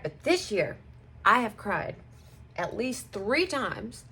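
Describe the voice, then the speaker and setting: A woman's voice: medium pitch, creaky, a bit bright, husky. A woman teacher chatting at home while getting ready, rambling and self-deprecating with occasional laughs. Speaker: schoolteacher. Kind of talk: casual get-ready-with-me chat.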